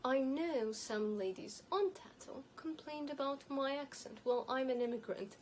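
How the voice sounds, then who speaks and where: Woman, light non-native accent, higher voice, measured and emphatic style advice, faint hiss. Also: darkish tone, poor audio. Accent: light non-native, elocution-trained. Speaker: image and style consultant. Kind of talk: advice monologue to camera.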